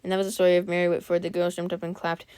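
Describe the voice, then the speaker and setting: A woman's voice: fairly low pitch, monotone, rapid-fire, background noise. Chatty woman reading a spooky story. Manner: breaks off reading to joke, comment and apologize. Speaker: channel host reading a scary story aloud. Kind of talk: casual read-aloud with chatty asides.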